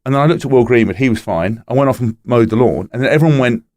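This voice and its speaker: A man's voice: medium pitch, very fast, a little mellow, no echo, clean studio sound. A retired rugby player, a man, telling stories in casual podcast chat, swearing freely and restarting often. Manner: chatty storyteller, swears freely, frequent restarts.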